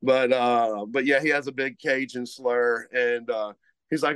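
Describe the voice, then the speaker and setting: A man from Mississippi talking in a loose, rambling way, full of "uh" and "you know". His voice sits at an ordinary middle pitch. The sound is dry and close, with no room around it. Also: fairly even intonation, unhurried, a bit bright, smooth, no room sound. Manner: rambling, filler-heavy, easygoing. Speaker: guest co-host, butcher shop representative. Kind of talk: casual podcast chat.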